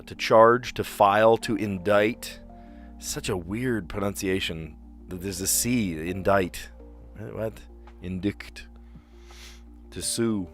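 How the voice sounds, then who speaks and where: A man casually thinking aloud as he reads puzzle clues and works through answers, with frequent restarts. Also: lowish voice. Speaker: streamer playing word puzzles.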